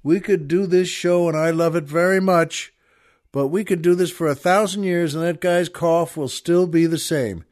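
An older man with a slightly high voice hosts his show and tells a long story in a loose, rambling way. He laughs at his own tale as he goes, in a casual storytelling monologue. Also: steady tone, normal speed, a little mellow. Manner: rambling, self-amused, laughs through his own anecdote. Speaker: podcast host.

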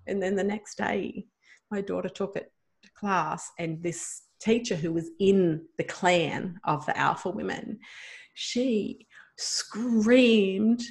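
A middle-aged woman, a guest telling a personal story in an emotional, animated way with many fillers. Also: medium pitch, takes it slowly, gravelly.

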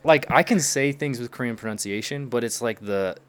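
A man's voice: medium pitch, brisk, a bit bright, clean tone. A young man from the United States chatting casually and telling stories, laughing often as he talks. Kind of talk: casual chat.

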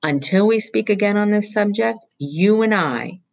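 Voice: medium pitch, normal speed, gravelly, lo-fi sound, pitched above the performer's own voice, lightly acted. A teacher reading a novel aloud voices a stern middle-aged female vice principal who speaks acidly and accuses. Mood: accusing. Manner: acid and accusing.

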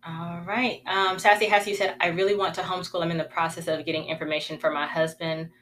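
A woman's voice: lowish voice, little pitch movement, fast talker, a bit bright, slight background noise. A woman in her thirties hosting a casual live-stream Q&A about homeschooling, chatty and rambling, getting emotional and laughing. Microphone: phone or computer mic, live stream.

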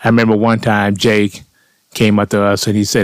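A man's voice: on the low side, monotone, fairly quick, dry recording. A man telling a story in a blunt, profane, conversational way, tagging lines with "man". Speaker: storyteller vlogger. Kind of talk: casual comic storytelling monologue.

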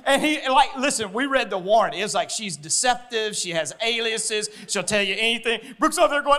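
A man, preaching a sermon as pastor and telling a story with lively acted-out voices. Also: very high voice, brisk, few pauses. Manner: animated storyteller, acting out voices, laughing.

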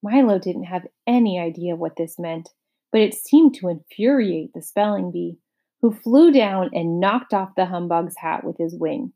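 A woman reading a children's novel aloud, in a steady, clear storytelling manner. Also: lowish voice, unhurried. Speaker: storybook reader.

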